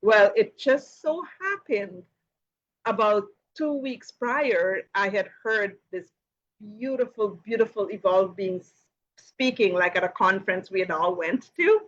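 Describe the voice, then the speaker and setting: A woman hosts a live Q and A and tells a personal story in a relaxed, chatty way. She fills her talk with "you know" and laughs lightly. Her voice sits at an everyday middle pitch, and the livestream audio sounds a little dull and lo-fi. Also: measured pace. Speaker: host of a live Q and A.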